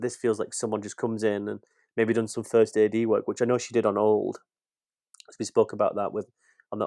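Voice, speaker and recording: Man, lowish voice, dry close sound, halting, repeats words, casual podcast. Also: darkish tone, no room sound. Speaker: podcast guest film critic. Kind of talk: casual film review chat.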